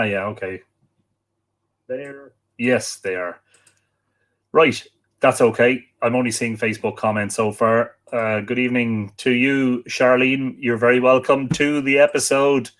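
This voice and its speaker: A man's voice: mid-range voice, a bit bright. An Irish man hosting a live online show, chatting casually and reading out greetings from viewers. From Ireland. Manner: chatty, reads out viewer comments. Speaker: livestream host. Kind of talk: casual livestream chat.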